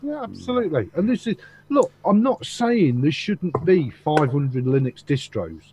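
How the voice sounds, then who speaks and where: A man with a slightly high voice makes his case in a casual group call, emphatic and animated. Faint hiss sits under his voice, and keyboard clicks and typing come through in the background. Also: measured pace. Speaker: video chat caller.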